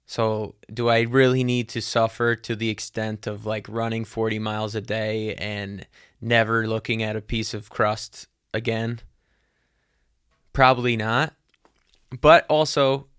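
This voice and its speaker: A man's voice: on the low side, little pitch movement, unhurried, fairly bright tone, clean tone, no room sound, clean studio sound. A young adult man hosting a podcast, musing in a casual solo monologue that rambles with many fillers and casual swearing. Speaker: podcast host.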